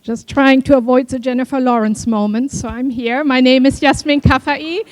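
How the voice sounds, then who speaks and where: A woman's voice: high voice, fairly even intonation, normal speed, no room sound. A woman professor giving a short conference talk in a chatty way, with frequent fillers. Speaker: university professor. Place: conference hall stage.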